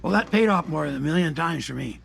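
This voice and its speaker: An older man from Canada ranting his opinions in a combative, profane way, dropping to mutters and rising to shouts. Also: a little high, expressive, quick pace, gravelly, slightly rough. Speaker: commentary vlogger. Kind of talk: angry opinion rant.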